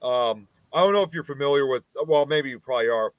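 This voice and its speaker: A man from the Chicago area hosts a relaxed online group chat. He rambles, circles back and repeats himself. His voice sits in a middle range and sounds dry and close, with no room around it. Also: mid-range voice, fast, clear, resonant tone, dry recording. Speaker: podcast host.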